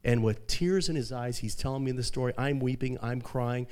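A man preaching a sermon as pastor, telling a story softly and then rising into fervent, high-pitched preaching. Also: normal speed.

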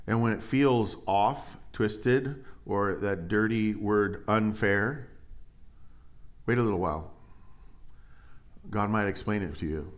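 Joking, animated male preacher. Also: lowish voice, slow, pauses often. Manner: animated and joking, reads scripture aloud with rising emphasis. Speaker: pastor. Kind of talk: sermon.

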